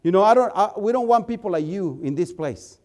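A man's voice: expressive, a little fast, a little mellow. A preacher voicing an angry woman who scolds a visitor at her door, in a sermon story. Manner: shrill, scolding.

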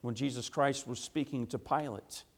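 A man preaching a sermon, swinging from quiet low asides to loud, emphatic, rhythmic repetition. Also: moderate pace.

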